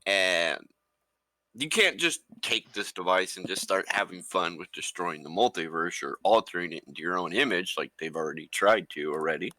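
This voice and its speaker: A man playing a tabletop game, chatting casually in an animated, joking way. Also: sits low, moderate pace, no room sound. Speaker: player.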